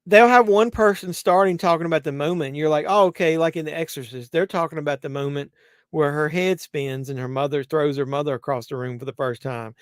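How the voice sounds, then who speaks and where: A man's voice: fairly high pitch, brisk, clear, resonant tone, dry recording, studio quality. A man hosting a live movie watch-along, rambling conversationally with many fillers and restarts. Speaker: host.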